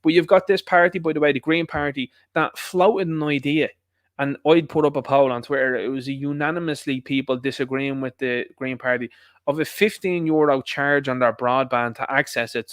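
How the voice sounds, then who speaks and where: A man's voice: a little high, no room sound, clean studio sound. Blunt Irish man ranting. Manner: blunt, combative and scornful, repeating points for emphasis. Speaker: online commentator. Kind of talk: ranting video commentary.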